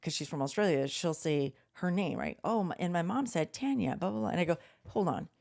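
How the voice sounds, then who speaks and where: A podcast co-host with a gravelly voice on the low side talks briskly. She's an animated storyteller in a casual chat, freely swearing and performing the quotes she relays.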